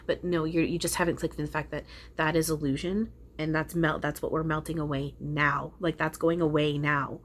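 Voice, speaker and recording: Woman channeler, casual and profane, low steady voice with a faint hiss behind. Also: fairly quick. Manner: rambling, earnest, casually profane. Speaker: spiritual channeler. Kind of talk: casual spiritual talk to viewers.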